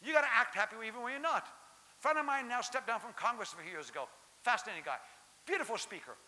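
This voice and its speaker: A middle-aged man giving a lively conference keynote, joking and quizzing the audience. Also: very high-pitched, fast. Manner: animated, jokey, quizzes the audience. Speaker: keynote speaker. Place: large lecture hall. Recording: hissy hall reverb.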